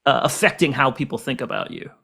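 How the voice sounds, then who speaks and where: A man's voice: mid-range voice, animated, quick pace, vocal fry, bright, forceful tone, slightly rough. A man hosting a comedy podcast, joking and rambling in a self-mocking way. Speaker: podcast host. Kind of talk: casual comedic podcast chat.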